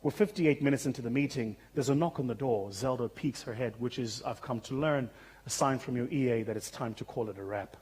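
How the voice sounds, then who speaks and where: A South African man with a husky, slightly rough voice delivers a keynote on a conference stage. His pitch sits in a normal middle range, and his storytelling is humorous, vivid and conversational, as if talking straight to the audience through a stage microphone. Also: fairly quick, darkish tone. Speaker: keynote speaker.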